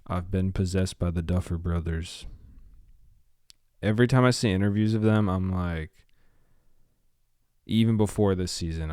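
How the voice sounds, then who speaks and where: A man's voice: deep voice, animated, normal speed, vocal fry, pauses often, a little mellow, clear, resonant tone, no room sound, studio quality. A man hosting his own podcast, rambling casually with a slight lisp and drifting off topic and back. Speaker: podcast host.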